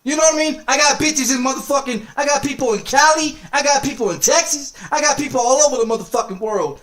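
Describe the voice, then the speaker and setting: Speaking quickly in a very high, fairly bright voice, a man streaming games delivers a furious, profane rant. His heated tirade loops through the same curses, insults and threats again and again.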